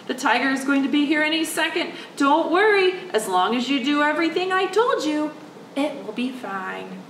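A woman's voice: high-pitched, moderate pace, reverberant, recorded from a distance, a little hiss or hum, poor audio. A woman working as a children's librarian, reading a picture book aloud and coaxing young children to join in. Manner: animated, coaxing, speaks directly to the kids.

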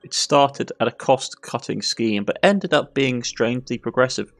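A man's voice: medium pitch, lively intonation, normal speed. A man with a Cornish accent playing a game and reading its text aloud with wry, dry asides. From Cornwall. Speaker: gaming YouTuber.

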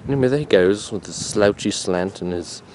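Man, low voice, mock nature documentary narrator, crude and rambling, outdoor camcorder audio with steady noise. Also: brisk. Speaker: narrator and camera operator. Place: outdoors in a neighborhood.

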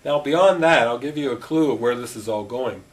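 A man's voice: medium pitch, normal speed. Man telling stories at a gathering, distant mic. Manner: animated storyteller, acting out dialogue. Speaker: spiritual teacher. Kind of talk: storytelling talk to a gathering. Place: meeting room at a gathering. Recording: distant mic with faint noise.

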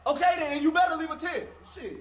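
An actor playing a brash, hot-tempered young male fast-food worker in a comedy sketch, shouting and cursing at customers. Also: very high-pitched, animated. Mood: hostile. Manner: loud, brash, cursing, dismissive. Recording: roomy sound with crowd noise.

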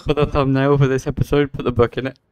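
A young man co-hosting a co-op gameplay video, chatting in a relaxed, rambling way and laughing easily. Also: medium pitch, quick pace, clean tone. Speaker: gameplay co-host. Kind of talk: casual co-op gameplay chat.

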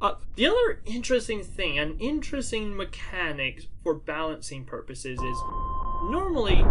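A man narrating his gameplay in an unhurried, drawn-out way, his voice sitting a little high. He's chatty and playful, with lots of "um"s and restarts and mock taunts at the enemy. A faint hum sits under the recording. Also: a bit bright. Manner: chatty, with frequent fillers and restarts. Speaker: let's play host. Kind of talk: gameplay commentary.

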